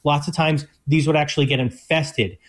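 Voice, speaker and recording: Slightly high-voiced male co-host for radio; eager, explains in quick bursts. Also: fairly even intonation. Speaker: chef and co-host. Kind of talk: casual radio food chat.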